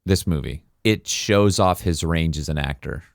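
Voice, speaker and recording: A man's voice: very deep voice, normal speed, creaky, dry recording, studio quality. A man co-hosting a podcast, recapping a film in casual chat and acting out its lines with laughs. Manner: animated storyteller, quotes and acts out scenes with laughter. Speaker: podcast co-host.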